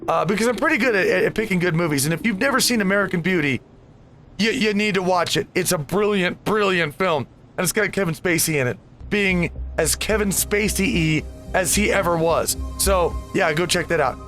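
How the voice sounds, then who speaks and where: A man's voice: high voice, fairly quick, a bit bright, soft background music. A man hosting a casual let's play, rambling and easily distracted with chatty asides. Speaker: gaming video host.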